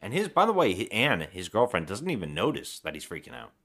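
A man's voice: on the low side, wildly swooping pitch, quick pace, a bit bright. A man co-hosting a casual podcast, retelling a film's scenes and acting out the characters' lines as he goes. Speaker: podcast co-host. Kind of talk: casual movie-review chat.

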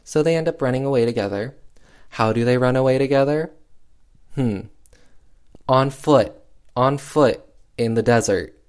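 A man's voice: medium pitch, moderate pace, pauses often, darkish tone, clean tone. A man casually recapping an old film with sassy, chatty commentary. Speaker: film reviewer.

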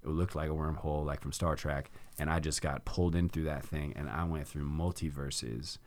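A man's voice: extremely low pitch, steady tone, moderate pace. A middle-aged man hosting a podcast, telling a personal story in casual conversation and acting out his own past reactions. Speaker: podcast host.

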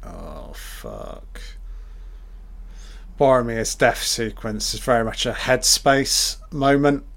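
A man doing a live film reaction commentary, excitable and swearing constantly as he blurts out reactions. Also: medium pitch, slow pace, gravelly.

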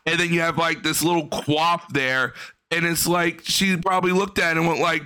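A young adult man giving profane reaction commentary on a stream, mocking and animated. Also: a little high, moderate pace, clean tone, no room sound.

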